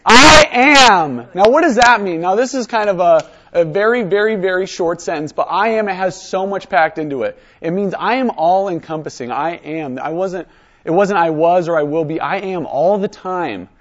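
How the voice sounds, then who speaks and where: An energetic man leads a high school Bible lesson, urging students to stand and read. His voice sits fairly high, and the recording sounds a little dull. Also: normal speed. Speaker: teacher.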